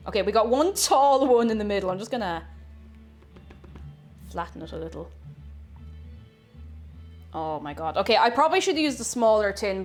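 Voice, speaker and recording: A woman chatting casually with her stream chat while baking in her home kitchen, reading messages aloud. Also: on the high side. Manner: chatty, reads chat aloud, bursts of excited whoops.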